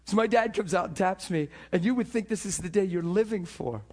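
Husky guy preaching, kinda high voice, really swingy and laughy, repeats himself a lot. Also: brisk. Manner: animated, laughs often, repeats words. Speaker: pastor. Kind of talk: sermon storytelling.

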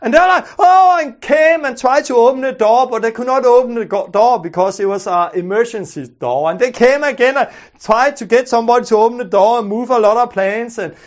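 Earnest high-voiced man telling a story. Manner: earnest, halting, with many restarts and repeated words. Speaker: preacher telling a testimony. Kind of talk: storytelling testimony. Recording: muffled lo-fi recording.

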